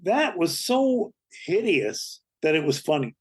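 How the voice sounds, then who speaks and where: Older man telling lively stories. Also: a little high, measured pace, slightly rough. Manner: lively anecdotal storytelling, acts out quoted voices. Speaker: comedy actor and writer, guest. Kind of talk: storytelling interview.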